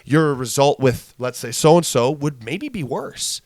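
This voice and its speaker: A man's voice: medium pitch, unhurried, no echo, clean studio sound. A young man co-hosting a podcast, talking casually and swearing freely, acting out what people say in exaggerated voices. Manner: animated, swearing, acts out quoted lines in exaggerated voices. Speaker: podcast co-host. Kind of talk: casual chat.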